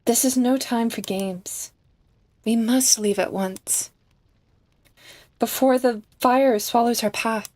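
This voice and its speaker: A woman's voice: on the high side, slow pace, long pauses, darkish tone. A woman reading the lines of a frightened woman searching for a lost girl in a story game. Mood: urgent. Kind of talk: reading game dialogue aloud.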